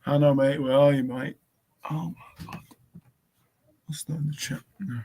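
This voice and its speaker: A man co-hosting a live stream in casual talk, calling out to a missing co-host and spelling out a link slowly. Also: on the high side, little pitch movement, mellow, breathy edge. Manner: calls out repeatedly, spells slowly. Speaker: livestream co-host.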